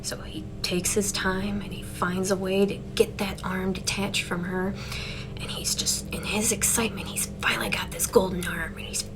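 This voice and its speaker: A woman casually telling a ghost story, chatty, often dropping into hushed whispers. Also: medium pitch, flat delivery, normal speed, over music, rough recording.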